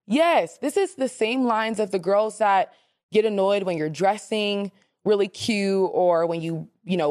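A woman hosting a casual advice podcast, animated and sassy, reading listener questions and acting out the voices she quotes. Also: medium pitch, no echo, studio quality.

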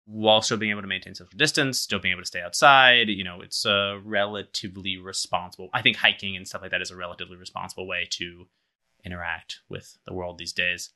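A man co-hosts a casual podcast, rambling through his thoughts with jokes along the way. His voice sits low but sounds strikingly bright. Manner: rambling, full of fillers and restarts, joking. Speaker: podcast co-host. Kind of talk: casual chat.

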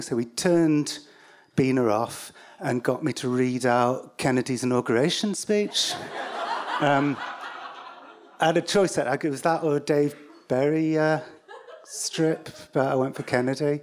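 A man's voice: medium pitch, unhurried. A man with an English accent telling a personal story live, in a wry, rambling way full of asides and fillers.

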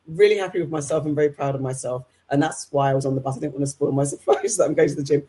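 Podcast co-host, male, higher pitch, brisk lively storytelling. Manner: quick, animated storytelling. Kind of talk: casual chat.

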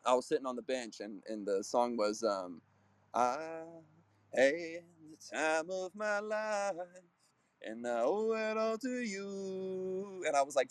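A man's voice: mid-range voice, dry recording. A man in his thirties, a basketball player and coach, giving a casual motivational talk in an earnest, rambling way full of restarts and acted-out quotes. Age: 30s.

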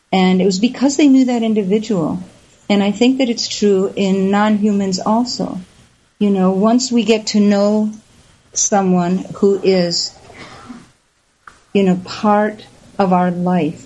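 A woman in an interview tells her stories with animation and acts out the people she quotes. Her voice sits at a middle pitch for a woman. The recording is a little dull and lo-fi. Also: warm tone. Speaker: guest. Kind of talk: storytelling in an interview. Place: lives in the Southwest US. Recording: slightly dull lo-fi audio.

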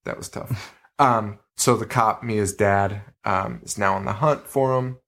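A man's voice: lowish voice, measured pace. A man co-hosting a podcast, chatting casually about a horror movie and swearing freely as he retells scenes. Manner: profane, animated storytelling. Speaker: podcast co-host.

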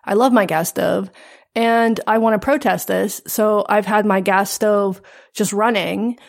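A woman co-hosts a podcast with a deadpan, sarcastic delivery in loose, casual chat. Her voice sits at an ordinary middle pitch. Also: unhurried, vocal fry. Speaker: podcast co-host.

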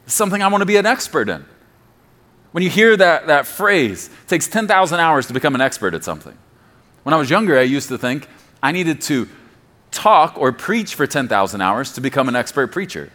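A man's voice: a little high, big pitch swings, fairly quick, fairly bright tone. A man preaching a sermon as pastor, emphatic and appealing directly to the congregation, repeating key phrases for stress.

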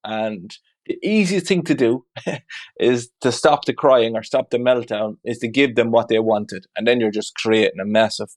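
A man's voice: medium pitch, normal speed. A man speaking as a father in an interview, reflective and open, talking candidly with frequent "you know" asides. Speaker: guest; father of two.

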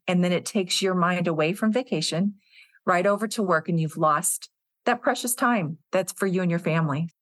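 A woman with a somewhat low voice speaks as a podcast guest, earnest and conversational as she tells stories about her staff. The sound is dry and close, with no room around her. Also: no room sound. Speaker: executive director, podcast guest. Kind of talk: casual interview conversation.

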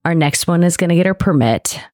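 An earnest, reflective woman in her forties co-hosting a podcast. Her voice is somewhat low for a woman and sounds dry and close. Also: expressive, a little fast, a little mellow, no echo. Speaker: podcast co-host. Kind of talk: casual banter.

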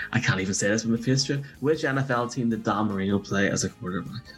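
A man's voice: on the low side, a little fast, fairly bright tone, soft background music. A man with an Irish accent acting as quizmaster on a casual podcast game show, teasing and colloquial.

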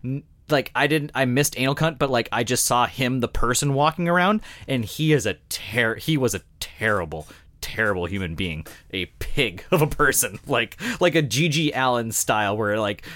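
Lively-voiced man co-hosting a podcast. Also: mid-range voice, moderate pace, no room sound. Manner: swears, says dude and like a lot. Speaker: podcast co-host. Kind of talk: casual music podcast chat.

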